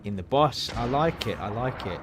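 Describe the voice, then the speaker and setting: A man giving live, excitable commentary while playing a video game, reacting loudly, swearing and laughing often. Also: medium pitch, normal speed, noisy background. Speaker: streamer.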